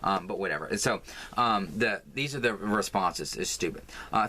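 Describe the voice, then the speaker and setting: Rambling, exasperated man with a bright voice. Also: lowish voice, normal speed, breathy edge. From United States. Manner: rambling, filler-heavy, exasperated. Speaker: crafting vlogger. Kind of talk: casual vlog monologue. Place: home craft room.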